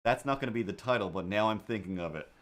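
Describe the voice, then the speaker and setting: A man hosts a casual drawing livestream as artist and host, rambling and joking with plenty of fillers and asides. His voice is fairly low-pitched and fast.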